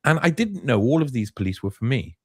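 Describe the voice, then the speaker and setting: A man, a journalist appearing as a guest, recounting events in casual storytelling with lots of halting restarts. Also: mid-range voice, slightly rough, no echo, studio quality. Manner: animated, halting with many restarts.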